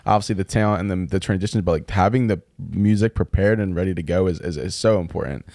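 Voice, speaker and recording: Male podcast host, deep and dry-sounding, fast and upbeat with constant "that's awesome" nods. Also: darkish tone, dry recording. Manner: encouraging, quick affirmations. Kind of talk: casual interview.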